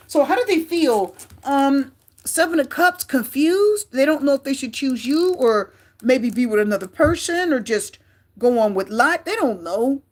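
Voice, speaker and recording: Tarot reader, woman, high-pitched, chatty and repetitive, talks straight to viewers. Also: expressive, a little slow. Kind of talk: casual tarot reading to camera.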